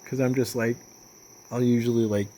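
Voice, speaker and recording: Young guy, casual vlogger, middle pitch, profane and rambling, crickets faintly behind. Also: moderate pace, a little hiss or hum. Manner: rambling, profane, with many fillers and restarts; animated when retelling stories. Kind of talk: casual monologue.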